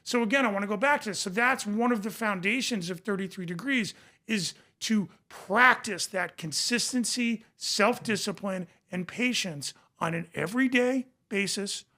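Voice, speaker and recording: A man's voice: sits high, normal speed, sharp tone. A man speaking as a podcast guest and recovery coach, in passionate conversation, emphatic and repeating phrases for emphasis.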